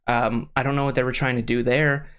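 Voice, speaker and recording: A man's voice: medium pitch, little pitch movement, a little fast, fairly bright tone, smooth. A young man giving a casual, rambling rant to camera, full of fillers and restarts, getting worked up as he goes. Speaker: vlogger, show reviewer.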